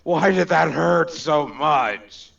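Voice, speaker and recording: A man's voice: a little high, takes it slowly, vocal fry, distant mic, highs cut off, a crowd in the background. A man playing a tabletop game and voicing his character over voice chat. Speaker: player.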